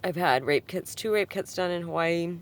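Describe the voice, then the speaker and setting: A woman's voice: fairly low pitch, moderate pace. A woman talking in a casual, rambling vlog monologue at home, full of ums and likes, swinging from subdued to heated. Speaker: vlogger answering a comment. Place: at home with her cat.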